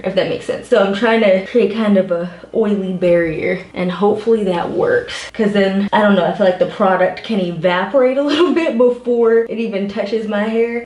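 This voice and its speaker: A woman's voice: mid-range voice, a little mellow. A young woman chatting casually to her viewers while doing her hair, a little out of breath, with laughing asides. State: a bit out of breath from styling. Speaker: beauty vlogger. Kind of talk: casual hair vlog talking to camera. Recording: roomy echo.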